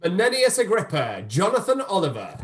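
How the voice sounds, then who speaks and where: An upbeat man hosts the wrap-up of a live online show. He sounds effusive and his voice sits high and moves around a great deal. He is heard over a video call. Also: wildly swooping pitch, a little fast. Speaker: host and director.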